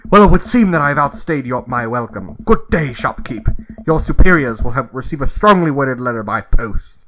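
A man voicing a snooty older British gentleman in a put-on British accent, pompous and fussy. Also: mid-range voice, lively intonation, normal speed, background noise, lightly acted. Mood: haughty. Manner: pompous, indignant.

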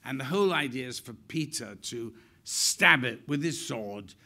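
An older man telling lively anecdotes on stage, laughing as he goes. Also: medium pitch, a little slow. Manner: animated, laughing as he tells stories. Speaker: guest actor. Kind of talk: onstage anecdotal storytelling. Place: stage event before an audience.

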